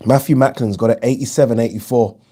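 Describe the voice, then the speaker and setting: Fast and steady in tone, his mid-range voice is warm and slightly rough. He's hosting a live boxing watch-along, chatting casually and frankly over viewer comments, with free swearing and plenty of ums.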